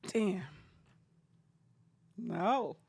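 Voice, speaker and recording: A woman guest co-hosting a comedy podcast, playful and quick to laugh. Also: mid-range voice, gravelly, husky, dry recording. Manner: playful, expressive, laughs a lot. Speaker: guest co-host. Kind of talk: casual comedic chat.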